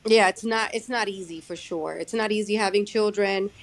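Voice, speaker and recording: A young adult woman who drives her own truck, talking casually in a podcast interview, halting and restarting her sentences often. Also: medium pitch, fairly even intonation. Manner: halting, many restarts and fillers. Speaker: guest, owner-operator truck driver.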